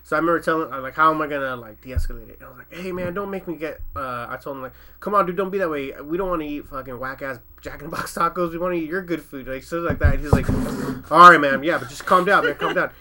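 A young man tells a rowdy story at a rapid clip, his voice bright and forward and a touch higher than most men's. He laughs through it, swears freely and acts out what everyone said. It is relaxed, casual chat among friends. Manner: laughing, profane storyteller who acts out quotes.

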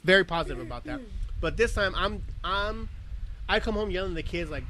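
A man's voice: high voice, fast talker. A man, a father, telling stories in a casual chat, swearing and acting out quotes. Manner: animated storytelling, swears, acts out quotes loudly. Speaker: podcast co-host.

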